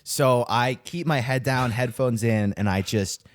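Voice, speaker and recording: A young man co-hosting a podcast, telling stories in a profane, animated way with acted-out quotes. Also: mid-range voice, unhurried, no echo, studio quality. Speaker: podcast co-host. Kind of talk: casual chat. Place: Denver.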